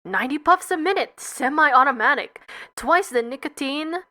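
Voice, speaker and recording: A woman's voice: sits high, expressive, normal speed, bright, forceful tone. A woman voicing smug male beekeepers who joke about the bees. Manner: smug, jokey.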